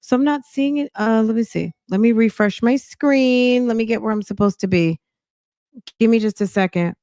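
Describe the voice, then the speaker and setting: A woman's voice: a little high, moderate pace, warm tone, dry recording, studio quality. A woman hosting a casual live-stream reaction chat, greeting viewers by name and thinking aloud as she reads.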